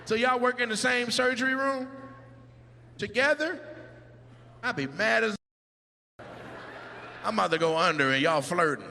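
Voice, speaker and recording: A man's voice: sits high, unhurried, gravelly, long pauses, pushed and bright, slight background noise. A man doing stand-up crowd work in a comedy club, teasing the audience in a loose, profane way.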